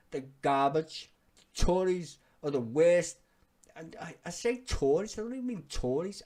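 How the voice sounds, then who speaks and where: A streamer with a British accent giving blunt, profane commentary on a live stream, growing loud and heated as the rant builds. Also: mid-range voice. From Britain. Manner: gets loud and heated when ranting.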